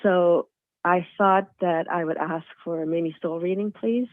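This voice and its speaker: A woman's voice: fairly low pitch, fairly even intonation, unhurried, dry recording. Hesitant woman caller on a phone line. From Canada. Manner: hesitant, with many ums and repeated words. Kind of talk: call-in question. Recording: dry, tinny phone line.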